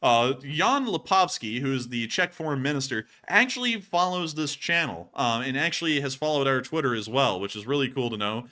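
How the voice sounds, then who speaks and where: Brief: male stream host, bright tone, mid pitch, casual jokey clip commentary. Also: lively intonation, normal speed, few pauses. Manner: joking, casual, chuckles at his own puns. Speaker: host of war news stream. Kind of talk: live commentary over video clips.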